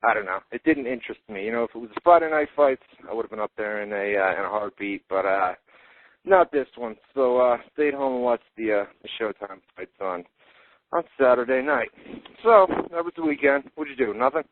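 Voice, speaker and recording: A man's voice: mid-range voice, animated, brisk, dry recording. A man hosting a radio fight-talk show, recapping events in casual chat with frequent "uh" fillers. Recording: tinny phone-like dry audio.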